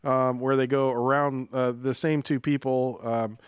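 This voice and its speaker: A man hosts a podcast in a relaxed, rambling way, with lots of ums and uhs. His voice is smooth and clear at a middle pitch. The sound is dry and close. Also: measured pace, no room sound. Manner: relaxed, rambling, many fillers. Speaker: podcast host. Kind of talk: casual chat.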